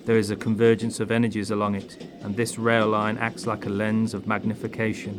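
A man voicing a learned occult expert who lectures in a measured, grave way. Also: fairly low pitch, completely flat delivery, music in the background, natural voice.

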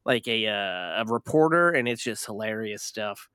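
A man's voice: lowish voice, animated, normal speed, sharp tone, smooth, dry recording, studio quality. A man co-hosting a casual movie podcast, jokey and rambling, often giggling. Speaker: podcast co-host.

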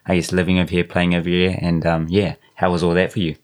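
Male interviewer, very deep monotone, easygoing questions, slightly distant mic. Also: fast. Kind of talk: casual interview chat.

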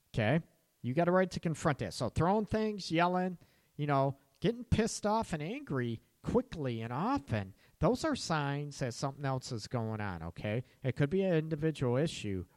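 A counselor talking straight to his listeners in a blunt, cursing way, with sharp emphasis on key words. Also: fairly high pitch, big pitch swings, moderate pace, dry recording, studio quality. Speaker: relationship counselor. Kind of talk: casual advice monologue.

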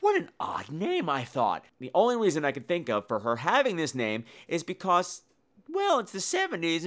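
Animated campy man reviewing a film. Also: fairly high pitch. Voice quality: campy, animated storytelling with acted-out voices. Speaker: podcast host. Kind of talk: casual film review podcast.

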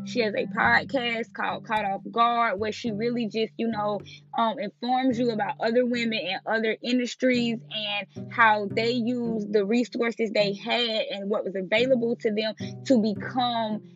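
A young woman with a Southern US accent, hosting a casual solo podcast and talking candidly to her listeners. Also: on the high side. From Southern United States. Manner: chatty, candid, laughs at herself, speaks straight to listeners. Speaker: podcast host. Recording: slightly dull lo-fi audio with faint music behind.

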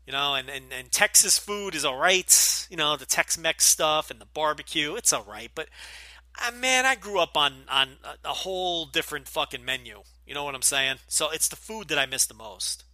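A man's voice: fairly high pitch, expressive, normal speed, sharp tone, dry recording. A middle-aged man with a light New Jersey accent, hosting a casual Q&A podcast, talking bluntly with lots of profanity and fillers. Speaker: podcast host.

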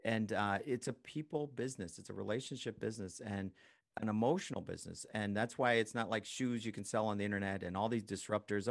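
Relaxed man in easy podcast chat. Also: on the low side, fairly quick, creaky. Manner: lively, animated when quoting people, laughs easily. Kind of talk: casual conversational chat.

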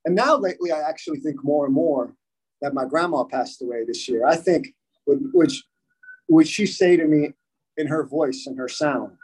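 A young man talks through an interview answer in a husky, slightly raised voice. He circles back, repeats phrases and starts sentences over, giving his answer in a loose and rambling way. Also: a little high, normal speed, a little mellow, rough recording. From United States. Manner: rambling, repeats himself, many restarts.

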